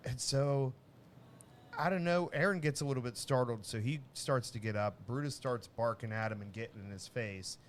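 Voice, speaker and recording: A man co-hosting a casual podcast, telling a long family story with many restarts and lively acted-out bits. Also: mid-range voice, moderate pace, slight background noise. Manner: rambling, restarts often, animated when telling a story. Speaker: podcast co-host.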